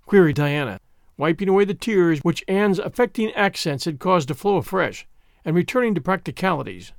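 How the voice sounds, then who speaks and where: A man hosting and narrating a classic novel aloud in a measured storytelling manner. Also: fairly high pitch, expressive, gravelly, no echo, studio quality. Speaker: podcast host and reader. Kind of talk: audiobook narration.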